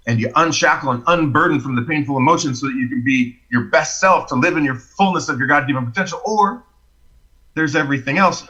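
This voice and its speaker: A man telling his personal story as a podcast guest, expressive and animated, acting out the quotes. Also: medium pitch, slightly rough, muffled recording.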